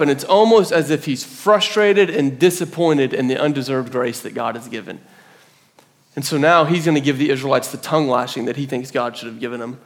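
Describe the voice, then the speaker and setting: Man preaching a sermon, slightly high voice. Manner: storytelling, acts out quoted voices. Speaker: pastor. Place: church hall.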